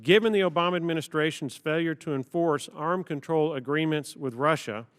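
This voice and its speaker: A man, a congressman, questioning a witness at a hearing, deliberately reading out prepared quotations with emphasis. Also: on the high side, smooth. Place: large hearing room. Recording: long reverb from a large hall.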